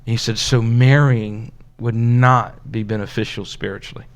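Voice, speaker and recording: A man's voice: mid-range voice, fairly even intonation, moderate pace, highs cut off. A man, a pastor, telling a personal story in a conversational sermon, acting out the dialogue and laughing now and then. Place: church.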